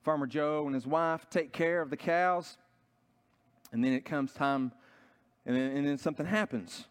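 A man's voice: a little high, moderate pace, clear, resonant tone. A man preaching a sermon in a church, telling a story earnestly and often restarting his sentences. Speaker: pastor.

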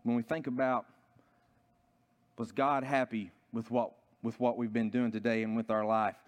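Man, pastor, earnest sermon, storytelling, frequent restarts, mid pitch. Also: flat delivery, normal speed. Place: church.

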